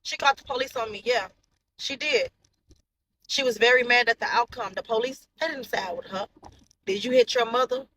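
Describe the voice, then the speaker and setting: Mom in her 30s ranting to camera in her car, cussing a lot, repeats stuff, loud car noise behind. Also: fairly high pitch, a little fast. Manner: blunt, profane, emphatic, repeats herself. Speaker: mother telling a personal story. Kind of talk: casual storytime monologue to camera. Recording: noisy, with car sounds behind.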